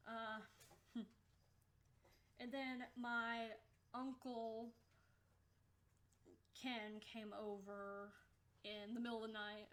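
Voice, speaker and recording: A woman's voice: mid-range voice, fairly bright tone. A young woman from the United States chatting casually in a vlog, blunt and swearing offhandedly. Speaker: vlogger.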